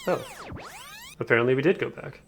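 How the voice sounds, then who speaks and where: A man's voice: medium pitch, animated, brisk, soft background music. A man playing through a game, reading its text aloud with dramatic emotion. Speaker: gaming video creator. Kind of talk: game playthrough commentary and dialogue reading.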